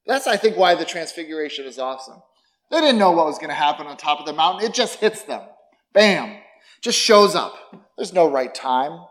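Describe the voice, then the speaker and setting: Expressive middle-aged male pastor preaching. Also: high voice. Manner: conversational and expressive, with rhetorical questions and self-deprecating asides. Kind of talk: sermon.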